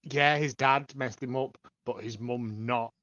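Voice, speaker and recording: A man's voice: medium pitch, fairly even intonation, unhurried, sharp tone, no echo, lo-fi sound. A man in a casual review chat, thoughtful and wry as he weighs in.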